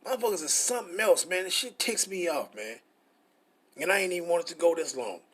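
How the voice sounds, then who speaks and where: A man's voice: a little high, lively intonation, brisk, a bit bright, slightly rough. A middle-aged man, teaching scripture in a frustrated, profane, repetitive way. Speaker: preacher.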